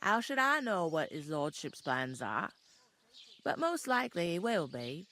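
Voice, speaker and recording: A woman's voice: on the low side, sing-song, measured pace, a bit bright, a little hiss or hum, heavily acted. A woman voicing a chatty, earthy village tavern keeper in a game, talking in a folksy, gossipy way. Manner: gossipy, homely, folksy talk.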